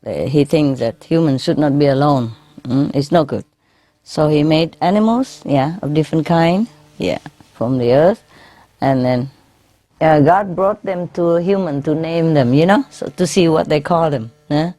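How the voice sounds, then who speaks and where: Speaking at normal speed, a woman with a deep, mellow voice addresses a gathering in a hall as a spiritual teacher. She tells jokes in non-native English to the live crowd, often breaks into laughter at her own lines, and checks in with "no?" and "eh?".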